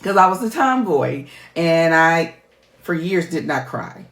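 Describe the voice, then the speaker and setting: A woman's voice: deep voice, sing-song, a little slow, fairly bright tone. A middle-aged woman, a life coach, talking candidly to her viewers in a heartfelt, emphatic, chatty way. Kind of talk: candid personal vlog talk. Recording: roomy echo.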